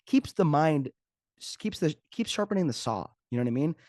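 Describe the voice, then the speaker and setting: A man's voice: fairly high pitch, animated, brisk, darkish tone, no echo. Man, podcast host, fitness coach, off-the-cuff jokes, dry close sound. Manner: joking, off-the-cuff, chatty. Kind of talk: casual solo podcast talk.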